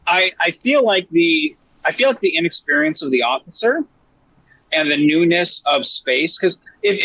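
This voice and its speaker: A man co-hosting a podcast in casual chat, animated and acting out characters' lines in a raised voice. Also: fairly high pitch, slightly rough, dry recording, highs cut off. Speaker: podcast co-host.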